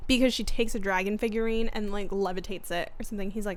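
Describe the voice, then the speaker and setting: A woman's voice: medium pitch, steady tone, fast talker. A young adult woman co-hosting a casual book podcast, gushing and giggling as she quotes favorite lines. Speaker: podcast co-host.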